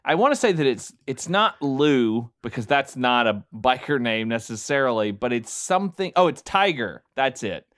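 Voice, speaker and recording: A man's voice: mid-range voice, very animated, normal speed, few pauses, fairly bright tone. A man co-hosting a podcast, recapping a film in casual chat with lots of fillers and restarts, often laughing as he talks. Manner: amused, laughs while talking. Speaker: podcast co-host.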